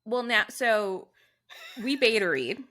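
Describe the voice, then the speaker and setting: A woman's voice: a little high, very animated, slow, pushed and bright. A young woman co-hosting a podcast in casual chat, teasing her co-host with dry questions.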